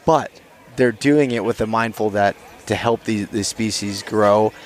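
Man, podcast host, low voice, laid-back rambling talk, faint background noise. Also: unhurried. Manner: relaxed, rambling with many fillers. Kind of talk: casual interview chat. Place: outdoor archery event.

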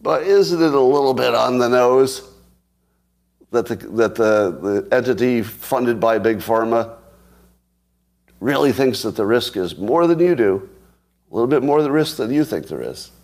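A man's voice: mid-range voice, expressive, unhurried, a little mellow. A man giving solo commentary on news headlines, sarcastic, with mock outrage, restarts and chuckles. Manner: thinks aloud with restarts, chuckles. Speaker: commentary host.

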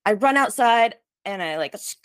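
A woman telling a story in casual chat, fast and lively, full of likes, acting out what others said. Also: mid-range voice, smooth, dry recording, studio quality. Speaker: storyteller guest.

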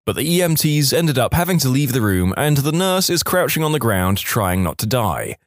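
Brief: male story reader, lively wry delivery, dry close-mic sound. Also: medium pitch, a little fast, few pauses, no echo. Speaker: narrator. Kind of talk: reading online stories aloud.

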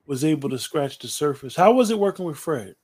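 A man interviewing a guest in a relaxed, slangy way, often repeating his words. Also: on the high side, brisk, breathy edge. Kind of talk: casual interview talk.

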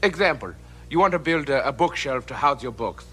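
An actor playing a pompous German-accented home-improvement instructor who lectures and rants at viewers in a comedy sketch. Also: male voice, medium pitch, expressive, brisk, fairly bright tone, husky. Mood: lecturing. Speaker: comedy sketch character played from archive.

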